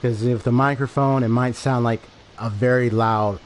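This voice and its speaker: A man's voice: medium pitch, fairly even intonation, normal speed, a little hiss or hum. A man livestreaming a game, talking casually to his chat in a rambling, repetitive way as he explains himself. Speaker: game streamer. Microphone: desk microphone.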